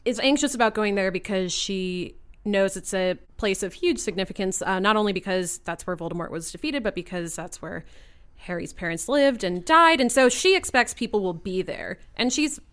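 Smooth-voiced woman chatting casually. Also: medium pitch, lively intonation, normal speed, fairly bright tone. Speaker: podcast co-host. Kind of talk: casual chat.

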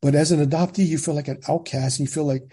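Man, 60s, from California, podcast guest, warm dark tone, raspy edge, acts out dialogue as he tells the story. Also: on the high side, fast. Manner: animated retelling, quotes dialogue, frequent tag questions. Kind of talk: personal storytelling in conversation.

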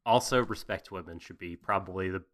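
A man's voice: low voice, fairly quick, a bit bright. A man co-hosting a casual anime recap, jokey, profane and rambling. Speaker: podcast co-host.

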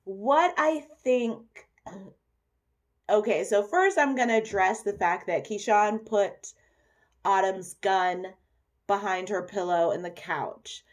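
A woman's voice: mid-range voice, slow pace. Chatty woman hosting a solo podcast. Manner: chatty, candid, self-deprecating. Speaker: podcast host. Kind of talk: casual solo podcast chat.

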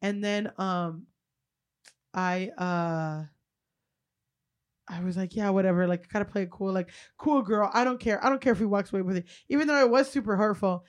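A woman's voice: medium pitch, normal speed. Profane young woman telling a bar story. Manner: profane, animated storytelling with acted-out quotes. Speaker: podcast co-host. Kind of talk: casual comedic storytelling.

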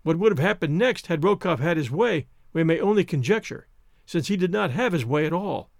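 A man reading an adventure novel aloud as narrator, in a theatrical, expressive way. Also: on the high side, a little fast, vocal fry, no echo, studio quality. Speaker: audiobook narrator. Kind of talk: scripted narration.

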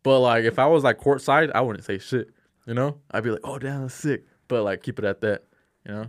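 A man's voice: medium pitch, brisk, no room sound, clean studio sound. A young man in casual chat, ranting with slang and swearing. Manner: profane, animated ranting with slang.

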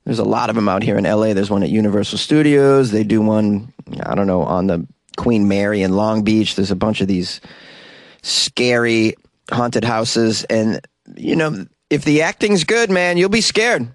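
A man hosting a comedic news commentary, reacting sarcastically to stories and tossing in jokes and quick asides. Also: lowish voice, no echo. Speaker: host.

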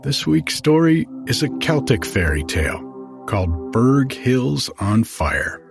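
A man hosting a sleep podcast, narrating a bedtime fairy tale in a calm, gentle way. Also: medium pitch, slow pace, creaky, over music. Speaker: podcast host and storyteller. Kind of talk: slow bedtime story narration.

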